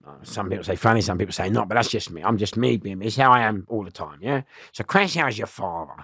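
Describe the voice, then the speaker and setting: A man tells prison stories as an interview guest. He is loud and rambling, and laughs often. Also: fairly low pitch, fast talker, breathy edge, no room sound, clean studio sound. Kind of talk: storytelling in a podcast interview.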